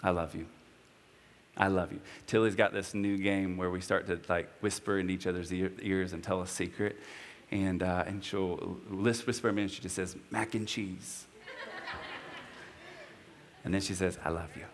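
A man in his thirties delivers a sermon in a lowish voice. He speaks earnestly and personally, and his delivery climbs into high, impassioned preaching. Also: fairly even intonation, normal speed, big-room sound, a little hiss or hum. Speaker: pastor.

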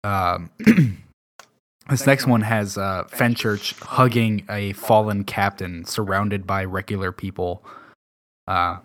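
A man hosting a casual podcast, reading aloud and chatting in a relaxed, halting way. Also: fairly low pitch. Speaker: podcast host.

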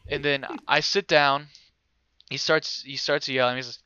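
A young man casually telling a story, animated and swearing freely, acting out other people's voices. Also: mid-range voice, measured pace, clear, resonant tone, no room sound, muffled recording.

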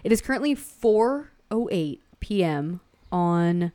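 A woman co-hosts a casual podcast, making sardonic, deadpan quips. Her voice is smooth and clear. She records on a cardioid mic at home, and the sound is dry and close. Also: lowish voice, measured pace, no room sound. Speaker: podcast co-host. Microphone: cardioid studio mic at home.

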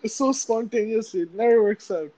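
A man's voice: high-pitched, normal speed, mellow, poor audio. A man co-hosting a casual podcast, joking and giggling, often stammering and repeating words. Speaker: podcast co-host. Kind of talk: casual chat.

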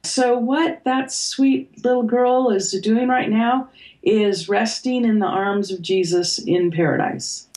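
An older woman, an author and podcast guest, talking reflectively and pausing with fillers as she thinks. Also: on the high side, steady tone, low-quality recording. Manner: thoughtful, hesitant, with fillers and soft laughs. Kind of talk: reflective conversation.

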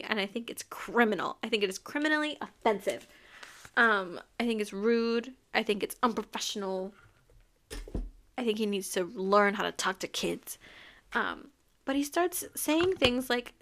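Expressive young woman hosting a book chat. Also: fairly high pitch, moderate pace. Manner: expressive, emphatic, laughs often. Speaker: podcast host. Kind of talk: casual book discussion.

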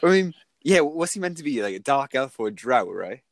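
A man's voice: medium pitch, big pitch swings, fairly quick, no echo. A Welsh man chatting as a podcast guest, joking and laughing through his stories. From Wales. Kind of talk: casual chat.

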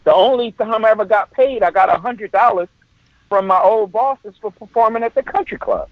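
Animated male comedian telling a story. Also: high-pitched, fairly quick, dry recording, narrow, tinny audio. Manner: animated storyteller who acts out other people's voices. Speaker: comedian guest. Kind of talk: storytelling in a podcast conversation.

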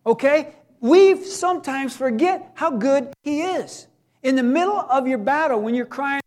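High-voiced preaching man. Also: animated, moderate pace. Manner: conversational preaching with sudden loud acted cries. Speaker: pastor. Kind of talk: sermon.

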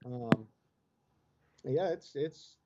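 A man's voice: medium pitch, lively intonation, very slow. A man co-hosting a casual sports chat from home, laid-back and easygoing. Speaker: co-host. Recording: dull lo-fi line with faint noise.

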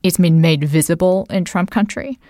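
A woman hosting a podcast, chatting about politics in an animated way with frequent asides. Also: lowish voice, moderate pace, no echo, studio quality. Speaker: podcast host. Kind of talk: casual political conversation.

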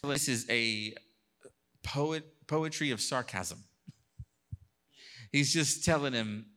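A male pastor delivering a sermon with a bright, forceful voice. He reads scripture and acts out God's lines in a mock voice, moving between hushed passages and loud, insistent bursts. His pitch sits in an ordinary middle range. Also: takes it slowly, pauses often.

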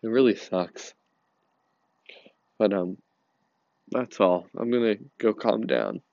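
A man in a personal confessional monologue, halting and repeating words, angry and overwhelmed. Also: on the low side, very animated, creaky, darkish tone, no echo, muffled recording. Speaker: podcast host.

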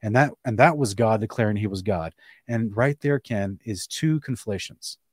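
A man hosting a casual live-streamed discussion, reading scripture aloud in between quick restarts and short chuckles. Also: on the low side, slightly rough, no echo, clean studio sound. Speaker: host.

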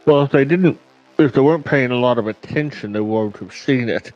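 A man in a tabletop game, speaking at a middle pitch. He describes his character's actions in a relaxed, halting way with a lot of fillers. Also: no room sound, dull audio, faint music behind. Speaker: player. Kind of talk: casual tabletop play.

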